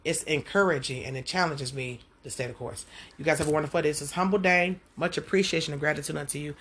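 A woman teaching a Bible passage at home in an animated, conversational way, talking straight to her listeners. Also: low-pitched, fast, slight background noise. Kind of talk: casual devotional teaching.

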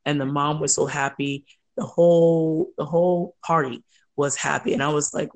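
A woman telling stories in a chatty, animated way as an interview guest. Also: low voice. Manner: chatty, animated, quick asides. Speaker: guest, entrepreneur. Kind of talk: casual storytelling.

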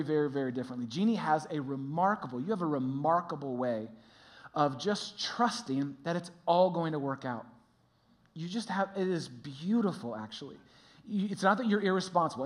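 Earnest, high-voiced man preaching. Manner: earnest, animated when telling stories. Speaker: pastor. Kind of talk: sermon.

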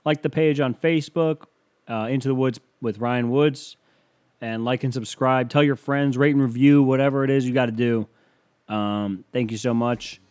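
A man talking alone on his comedy podcast in a mid-pitched voice. He rambles from one gripe to the next, sarcastic and loose, dropping swear words constantly. It sounds like casual stand-up delivered straight into the mic. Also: fairly even intonation, moderate pace, a little mellow, smooth. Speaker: podcast host. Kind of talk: comedic solo podcast monologue.

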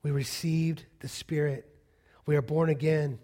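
A man preaching a sermon, speaking conversationally and moving between soft, hushed passages and raised, emphatic lines. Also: fairly high pitch, steady tone, a little slow. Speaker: pastor.

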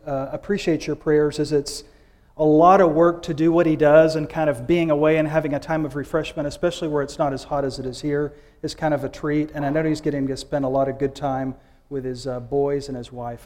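Male preacher, casual conversational sermon, fairly high voice, reverberant hall. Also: flat delivery, brisk, darkish tone. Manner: conversational, with frequent fillers and restarts. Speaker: guest preacher.

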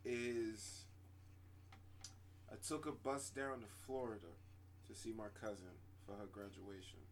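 A man from New Jersey telling a profane, animated story in a casual group chat. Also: on the low side, unhurried, a little hiss or hum. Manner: animated, profane, laughs through stories.

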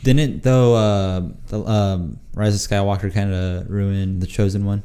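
A man's voice: on the low side, fairly even intonation, measured pace, dark tone, clean tone. A young man hosting a podcast, talking casually and hesitantly, with many fillers and frequent laughs. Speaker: podcast host. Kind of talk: casual chat.

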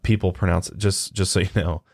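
Low-voiced man chatting on a podcast. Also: brisk. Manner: relaxed, rambling, frequent "you know" and "um". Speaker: podcast co-host. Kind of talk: casual podcast chat.

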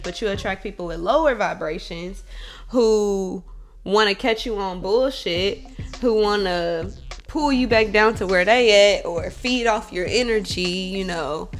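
A woman talks straight to her audience in a casual monologue, blunt and full of cursing. She moves between loud, heated venting and quieter, reflective stretches in a mid-pitched voice. Faint music plays behind her. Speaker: bartender.

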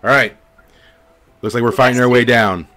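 A man voicing a commanding male guard captain who barks orders loudly. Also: mid-range voice, steady tone, moderate pace, pitched above the performer's own voice, close to an everyday voice.

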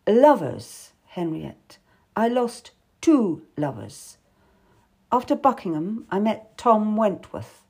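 A woman's voice: mid-range voice, big pitch swings, slow pace, creaky, a little mellow, husky, full character voice. Woman reading as a tough, worldly lady courtier. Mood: bitter. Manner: wistful and emphatic, with sudden bitterness. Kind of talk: audiobook character voice.

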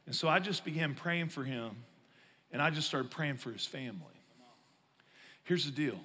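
A middle-aged man, a pastor preaching a sermon, telling stories with jokes and swinging from loud to hushed. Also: a little high, lively intonation, moderate pace, long pauses, husky. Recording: long echo of a large hall.

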